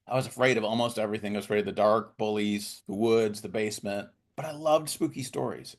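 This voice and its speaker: A middle-aged man, a guest author, telling his story in a podcast interview and lively acting out the people he quotes. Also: on the low side. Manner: animated storyteller who acts out quoted voices.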